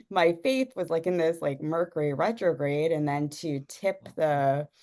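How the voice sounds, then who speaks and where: A woman's voice: low-pitched, expressive, measured pace, warm tone. A young woman telling a personal story in a casual, rambling way, with many fillers and frequent laughs. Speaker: guest sharing a personal story.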